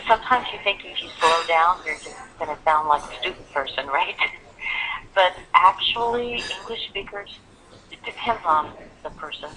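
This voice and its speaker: A woman teaching English pronunciation on a video call, animated and fond of acting out examples. Her voice is bright and clear, heard over a thin, phone-like line. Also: fairly low pitch. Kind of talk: online English lesson.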